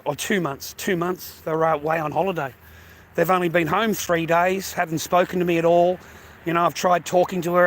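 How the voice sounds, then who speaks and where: An Australian man vents in a bitter, aggrieved rant, swearing constantly and circling back to the same complaints. His voice sits a touch higher than most men's. A faint hum of background noise stays under him. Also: normal speed. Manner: aggrieved, heavy swearing, repetitive. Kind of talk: angry personal rant.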